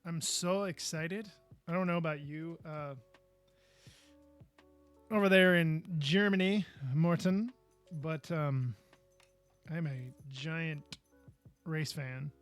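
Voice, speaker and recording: This man's fairly high voice is clean in tone, and he takes things slowly with long pauses, backed by soft music. He hosts a live podcast in casual live-stream chat, goofing around and chatting as he builds, with occasional frustrated outbursts.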